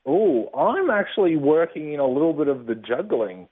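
A man, a stand-up comedian chatting in an interview, self-mocking and quick to laugh. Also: fairly high pitch, sing-song, slightly rough. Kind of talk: casual interview answers. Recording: tinny phone-line sound.

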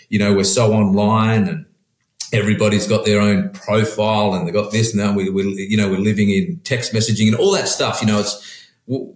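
A man, a pastor who farms sheep, speaks in a fairly low voice. He chats loosely and rambles, restarting his sentences often. The recording has a noticeable room echo. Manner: relaxed, rambling, frequent restarts. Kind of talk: casual conversation. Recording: roomy echo.

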